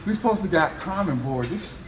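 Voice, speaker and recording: Man, American accent, high voice, joking motivational speech, echoey hall, noisy room. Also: animated, fast talker. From United States. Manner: joking, laughs often. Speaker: motivational speaker. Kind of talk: humorous storytelling speech. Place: event hall with a live audience.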